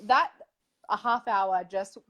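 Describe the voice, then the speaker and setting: A woman hosts a relaxed conversational interview, speaking in an effusive, animated way. She laughs easily mid-sentence, and her voice sits in a middling pitch. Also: slow. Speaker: interviewer and series host.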